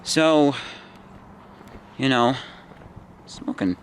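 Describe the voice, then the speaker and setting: A man's voice: medium pitch, animated. Tired guy in his 20s rambling on, lots of restarts, faint traffic outside. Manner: halting, meandering, many restarts and fillers. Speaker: vlogger. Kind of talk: rambling personal vlog.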